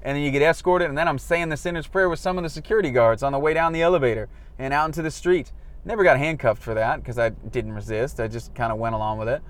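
Speaking quickly in a medium pitch, a man from Florida sits in a traffic jam and looks back candidly on being a street evangelist. He pokes fun at himself and acts out the dialogue he used back then in this casual, reflective talk.

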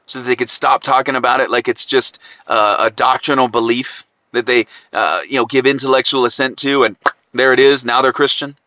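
A man with an Ohio accent preaching a podcast sermon, swinging from loud emphatic peaks to quiet asides. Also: mid-range voice, steady tone, a little fast, no echo, highs cut off.

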